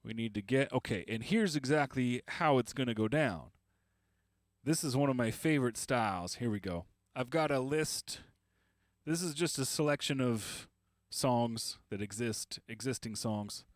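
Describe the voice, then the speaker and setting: Casual livestream banter fills this clip as a man makes beats, rambling and poking fun at himself. He has an expressive, medium-pitched voice and a measured pace, captured with no echo in a clean studio.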